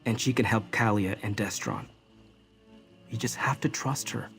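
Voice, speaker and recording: A calm, earnest male apprentice in a fantasy game, with a lowish voice and a steady, persuasive delivery. Faint music plays behind him. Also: normal speed, gravelly.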